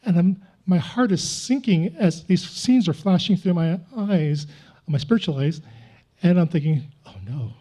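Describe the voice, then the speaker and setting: A man's voice: high-pitched, a little slow, warm tone. A man preaching a sermon as a pastor, telling a personal testimony in an earnest, confessional way with self-mocking chuckles.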